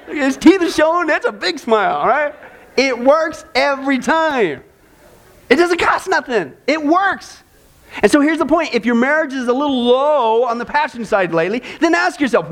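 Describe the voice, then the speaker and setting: A man's voice: very high-pitched, a bit bright. A man preaching a sermon in an emphatic, conversational way, often stopping to say "listen" or "okay?". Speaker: pastor.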